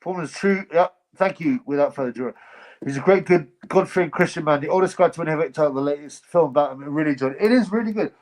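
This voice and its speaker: A man's voice: a little high, rapid-fire, a little mellow, poor audio. A man hosting a casual livestream, reading chat comments and giving blunt, rambling opinions. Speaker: livestream host.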